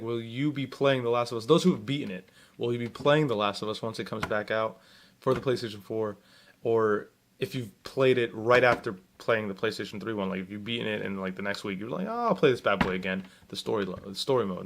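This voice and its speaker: A young man rambles through a casual gaming news rundown, often stopping to correct himself and put questions to his viewers. His voice sits a little low, with a relaxed, conversational delivery. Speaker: gaming vlogger. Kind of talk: casual video game news vlog.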